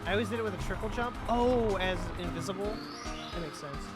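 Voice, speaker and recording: A man streaming a game, chatting crudely and excitably and reading lines aloud. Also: high voice, quick pace, over loud music.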